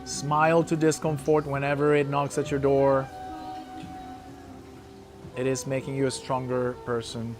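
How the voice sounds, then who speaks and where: A man's voice: medium pitch, flat delivery, a little slow, pauses often, over music. A man coaching a breath-hold session, encouraging the group and calling out hold times.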